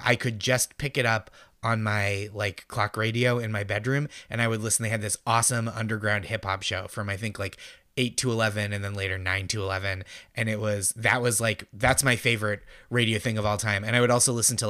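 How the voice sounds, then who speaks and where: A man's voice: lowish voice, little pitch movement, brisk, sharp tone, no echo, clean studio sound. A man from the Boston area, a podcast guest chatting casually with wry, self-deprecating humor. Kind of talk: casual conversation.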